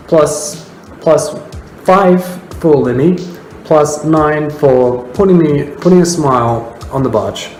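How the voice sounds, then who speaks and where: A man's voice: medium pitch, darkish tone. An Australian man reviewing viewer memes in casual, rambling commentary full of fillers. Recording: roomy with faint music.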